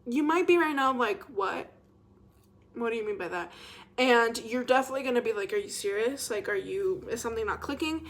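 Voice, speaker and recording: A young woman vlogger in a casual, rambling chat to camera, expressive and self-mocking. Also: a little high, fairly quick.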